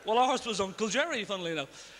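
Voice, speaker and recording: A young man from Ireland, doing a stand-up comedy routine live on a theatre stage, tossing in deadpan asides and quick voices of other people. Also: sits high, slight background noise. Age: young adult. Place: large theatre stage with audience. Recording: live theatre recording with long reverb and faint ambience.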